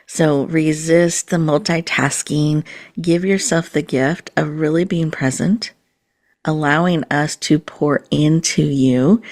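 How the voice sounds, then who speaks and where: Woman host talking ppl thru a calm breathing exercise, bit of vocal fry, unhurried. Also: low-pitched. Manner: slow, soothing, inviting. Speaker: podcast host. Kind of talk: guided mindfulness exercise.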